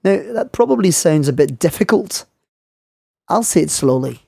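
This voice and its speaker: Male language teacher, mellow and dry, clear slow delivery for learners. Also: on the high side, animated, no room sound. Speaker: French teacher. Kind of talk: scripted lesson narration.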